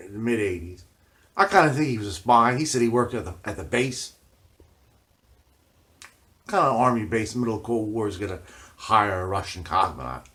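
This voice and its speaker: A man's voice: mid-range voice, fairly bright tone. A middle-aged man telling a rambling story in a loose monologue, constantly adding filler tags and swearing casually. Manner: casual, constantly says "you know what I mean", swears freely. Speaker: video journal host.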